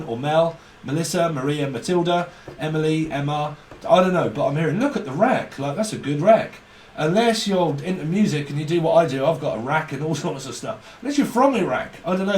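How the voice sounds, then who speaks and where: Guy doing a tarot reading, kinda high voice, swears a lot, sounds far from the mic in an echoey room. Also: slight background noise. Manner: rambling, profane, laughs often. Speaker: tarot reader. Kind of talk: rambling tarot reading monologue.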